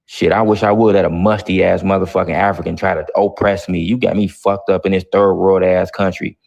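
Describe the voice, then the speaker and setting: A man's voice: deep voice, little pitch movement, brisk, gravelly, darkish tone. A man hosting a live online talk show, brash and profane, mocking his callers. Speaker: host.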